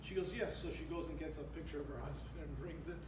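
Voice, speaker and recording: An older man tells jokes to a club audience, chuckling at his own punchlines and chatting with the crowd. His voice sits high for a man. The sound is distant and echoey, with the crowd's noise audible behind him. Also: steady tone, fast. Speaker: stand-up comedian. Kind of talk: stand-up joke telling at a live event. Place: club function room with a live audience. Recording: echoey room recorded from afar, crowd laughter.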